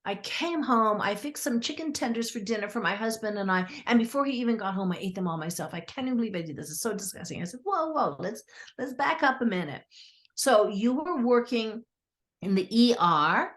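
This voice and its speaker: A middle-aged woman, a therapist and author, telling client stories in a lively conversational way and acting out what clients said. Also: mid-range voice. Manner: animated, acts out clients' quotes. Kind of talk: conversational storytelling.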